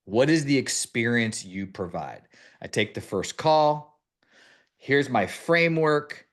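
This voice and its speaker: A man's voice: medium pitch, animated, slow, a bit bright. A man hosting a mortgage-business podcast, coaching listeners step by step in an instructive way. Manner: instructive, lays out steps one by one. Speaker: mortgage branch leader and podcast host.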